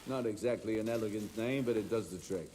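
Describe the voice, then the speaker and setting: A man's voice: fairly low pitch, a little fast, mellow, slight background noise, natural voice. An actor playing a formal male institute leader giving a grand speech.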